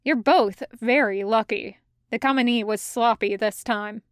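A woman reading the lines of a stern female commander who speaks in a neutral, even monotone. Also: on the high side, measured pace, clear, resonant tone, no echo, studio quality, close to an everyday voice.

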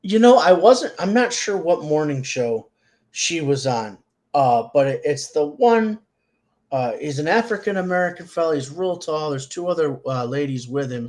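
A man's voice: fairly high pitch, animated, moderate pace, darkish tone. Goofy, joking male podcast co-host. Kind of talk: casual chat.

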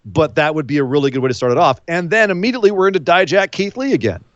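A man co-hosting a casual wrestling chat podcast, animated and joking. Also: a little high, racing, dry recording, highs cut off. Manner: animated, mocks wrestlers in silly voices.

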